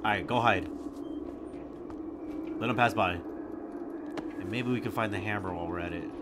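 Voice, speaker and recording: A young man giving gameplay commentary, swinging from hushed muttering to loud, sweary shouting. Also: lowish voice, a little slow, heavy background noise. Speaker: gaming YouTuber.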